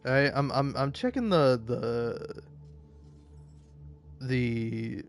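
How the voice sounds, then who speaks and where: A man streaming and chatting casually, rambling with lots of profanity and stumbling restarts, breaking into high-pitched rants. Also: animated, drawn-out words, faint music behind. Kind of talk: casual chat while gaming.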